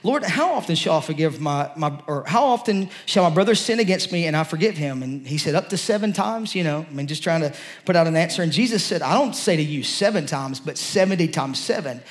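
A man's voice: a little high, expressive, fairly quick. A man preaching a sermon, explaining a scripture passage in a conversational way and rising to emphatic peaks.

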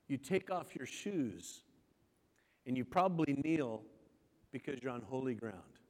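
A man preaching a sermon as pastor. He reads scripture slowly with heavy emphasis, then restates each verse. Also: a little high. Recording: long church hall reverb.

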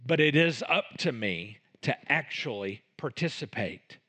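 A middle-aged man preaching a sermon, animated and self-mocking, with sudden loud outbursts. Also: medium pitch, normal speed, few pauses. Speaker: pastor.

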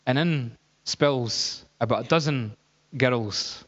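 A man's voice: mid-range voice, slow, fairly bright tone. A man voicing a kindly middle-aged professor who recounts events earnestly. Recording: dull, echoey hall.

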